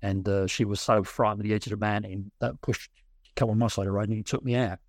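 Coaching client: man, low-pitched, chatty and rambling, recorded dry. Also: flat delivery, fast, no echo. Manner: rambling, restarts often, tells anecdotes. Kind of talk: casual chat on a call.

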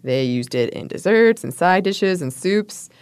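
A woman with a lowish voice co-hosts a relaxed conversation. She reads history notes aloud and breaks off for playful asides and laughs. The sound is dry and close to the mic. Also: unhurried, clean tone, no room sound. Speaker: podcast co-host. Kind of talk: casual chat, reading food history notes.

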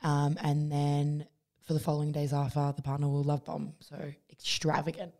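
A young woman co-hosting a podcast in a casual chat, animated and full of "like" fillers, acting out the quotes in her stories. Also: deep voice, moderate pace. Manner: chatty, lots of "like" fillers and restarts; animated storytelling, acts out quotes.

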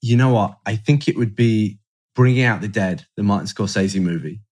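A man's voice: lowish voice, normal speed, darkish tone. A film director guest on a podcast, chatting enthusiastically and repeating words as he gathers his thoughts. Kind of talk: casual interview chat.

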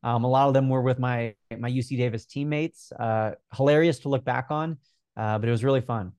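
Young male guest, twenties, mid-pitched, earnest and energetic, dry close mic. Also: fairly quick, smooth, no room sound. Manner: energetic, earnest, many fillers. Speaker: guest, Instagram growth coach. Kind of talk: casual interview talk.

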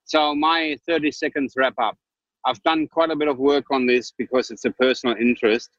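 A man's voice: medium pitch, fairly even intonation, fairly quick, fairly bright tone, dry recording. Male investor, German background, blunt and upbeat; muffled, dry call audio. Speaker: investor and panelist. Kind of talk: casual panel chat.

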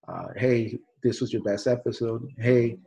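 A man's voice: mid-range voice, measured pace, vocal fry, mellow, muffled recording. A man hosting a podcast, chatting loosely with many restarts, fillers and some swearing. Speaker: podcast host. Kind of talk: casual podcast chat.

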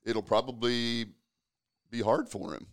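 A man, hosting a casual conversation and telling stories in a relaxed way with filler restarts. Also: medium pitch, measured pace. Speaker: podcast host, safety professional.

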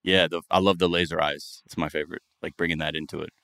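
A man's voice: sits low, level tone, fast talker, creaky, a bit bright, dry recording, studio quality. A man hosting a casual comedy podcast, riffing playfully and jumping into goofy bits. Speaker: podcast host.

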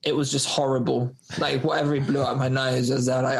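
A man's voice: medium pitch, little pitch movement, moderate pace, vocal fry. A man, a podcast guest, telling a personal story in a loose, rambling way, full of fillers and acted-out dialogue. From United Kingdom. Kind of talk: storytelling in a casual interview.

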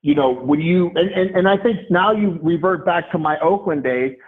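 A man's voice: fairly high pitch, normal speed. A middle-aged man speaking as a podcast guest, rambling in casual chat. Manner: rambling, many fillers and restarts. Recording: tinny phone-like line.

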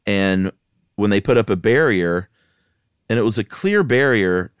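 Low smooth-voiced man, casual co-host. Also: animated, a little slow, dry recording, studio quality. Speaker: podcast co-host. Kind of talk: casual chat.

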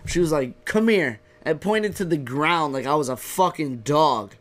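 A man's voice: on the high side, normal speed, fairly bright tone. A young man co-hosting a casual bar-talk podcast, joking and cursing freely. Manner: profane, joking, laid-back. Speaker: podcast co-host.

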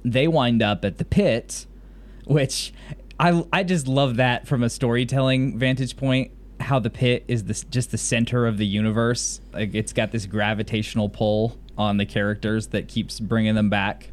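A man's voice: medium pitch, fairly even intonation, normal speed, a little hiss or hum. A man from the US South who has lost most of his accent, casually recapping a TV episode as a podcast co-host in a rambling, enthusiastic way. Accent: lost Southern US accent, mostly general American. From Mississippi, US South.

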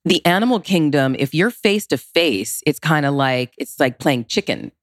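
Low-voiced expressive woman, dry sound. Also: normal speed, dry recording. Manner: expressive, emphatic with big pitch leaps. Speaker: relationship consultant. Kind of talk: podcast interview.

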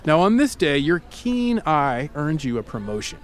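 A man hosting a podcast, telling a story to his co-host in a casual, animated way with playful asides. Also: on the high side, normal speed.

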